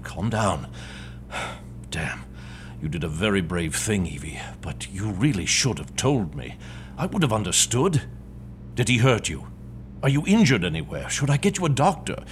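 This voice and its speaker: A man's voice: fairly low pitch, sing-song, normal speed, a little hiss or hum. An actor playing a worried, protective young man who asks urgent, anxious questions, in an audio drama.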